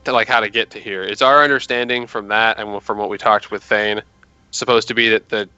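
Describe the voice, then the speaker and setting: Man, low pitch, bright forceful tone, chatty, lo-fi sound. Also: steady tone, fairly quick, smooth, no room sound, faint music behind. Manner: chatty, asks the game master questions. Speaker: player. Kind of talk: casual tabletop game chat.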